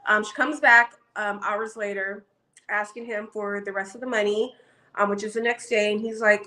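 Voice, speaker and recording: A woman's voice: mid-range voice, fairly even intonation, moderate pace, pushed and bright, poor audio. A woman casually recapping a reality show for her channel, chatty and gossipy with frequent ums.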